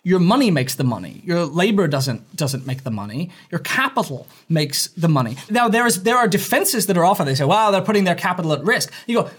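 Animated man with hybrid British accent. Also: on the high side, brisk, hardly any pauses, husky. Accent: British-American hybrid. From England. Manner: animated, argumentative, laughs often. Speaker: author guest. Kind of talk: casual interview chat.

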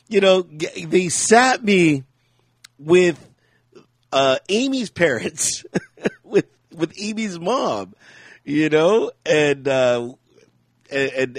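A man co-hosting a podcast tells a rambling story in casual chat, laughing often. His high voice has a breathy edge, captured in clean studio sound with no room sound.

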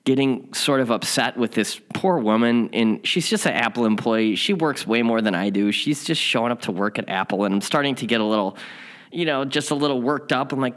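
A man's voice: medium pitch, fairly quick. A man teaching a spiritual lesson, telling a candid story in a rambling, self-mocking way before reading the day's lesson.

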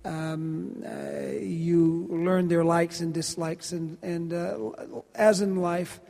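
A man, an actor, fielding fan questions at a convention panel in a loud, teasing, joking way. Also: on the high side, level tone, vocal fry. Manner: brash, teasing, quick to cut people off. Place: large convention hall. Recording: echoey hall over a PA.

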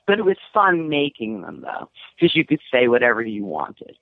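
A woman screenwriter talking candidly in an interview, lively and laughing, her voice jumping high when she gets animated. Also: moderate pace, no room sound. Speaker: screenwriter guest. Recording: tinny phone-like line.

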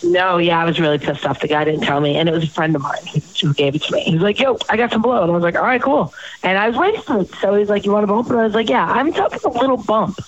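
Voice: medium pitch, fast talker, few pauses, highs cut off. A host rambling through profane personal stories in a casual chat.

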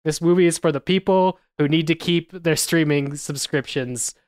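A man with a smooth, clear voice talks through a film review, rambling and hesitant. The sound is dry and close. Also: on the high side, moderate pace, no room sound. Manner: rambling, hesitant, many fillers. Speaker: podcast co-host. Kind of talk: casual film review chat.

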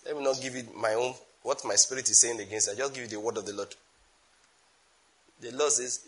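A man with a Nigerian accent preaching a sermon emphatically, with sudden loud bursts and asides in Nigerian Pidgin. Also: mid-range voice, fairly even intonation, fairly quick, long pauses.

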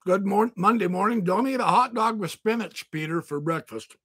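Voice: medium pitch, moderate pace, slightly rough, no room sound, studio quality. A livestream host chatting playfully with viewers while talking through a mouthful of food. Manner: playful, greets viewers by name, exclaims loudly. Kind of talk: casual live-stream chat.

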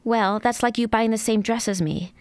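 A woman reading aloud from a novel, voicing a blunt adult woman friend who calmly lays down boundaries. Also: fairly high pitch, moderate pace, no echo, pitched above the performer's own voice, natural voice. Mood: firm.

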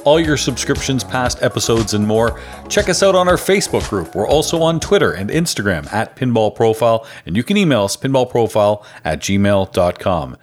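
A man's voice: medium pitch, lively intonation, moderate pace, soft background music. Canadian guy hosting a podcast, upbeat, practiced, talks for a living. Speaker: podcast host. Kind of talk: podcast interview.

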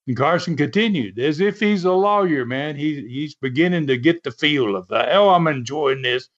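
A man's voice: on the high side, normal speed. Man telling a chuckling wrestling story. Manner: animated, chuckling, fillers like "man". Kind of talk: casual storytelling. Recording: dull lo-fi recording.

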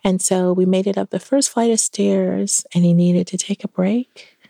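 A woman's voice: mid-range voice, normal speed, creaky, no room sound, studio quality. A middle-aged woman, a podcast guest, telling a personal story in an interview and acting out the dialogue in it. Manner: animated, acts out quoted dialogue.

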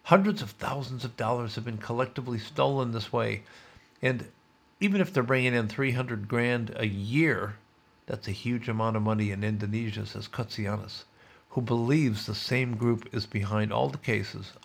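Gravelly-voiced man reading a story. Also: mid-range voice, normal speed. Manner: wry, sardonic asides. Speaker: podcast host. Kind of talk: reading a news story aloud with asides.

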